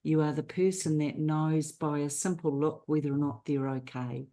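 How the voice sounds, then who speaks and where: A woman speaking as a panelist, emphatic and deliberate with a joking edge. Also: low-pitched, fairly even intonation, mellow. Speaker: panelist, author. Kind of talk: casual panel discussion.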